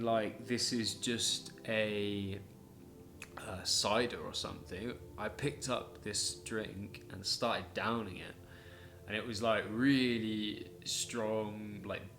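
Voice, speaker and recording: A man's voice: lowish voice, takes it slowly, fairly bright tone, echoey room. A man telling his own story on a podcast in a chatty way, laughing often between sentences and swearing casually. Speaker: podcast host.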